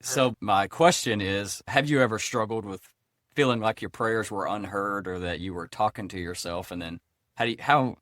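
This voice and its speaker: A man's voice: lowish voice, normal speed, fairly bright tone, dry recording, clean studio sound. A man hosting a faith podcast who asks open questions in a reflective way and draws on scripture. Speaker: podcast host.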